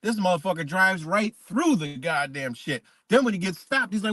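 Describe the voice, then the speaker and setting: A man's voice: high-pitched, lively intonation, normal speed, sharp tone, no echo. A man ranting casually on a live stream, profane and emphatic, rambling as he tells stories.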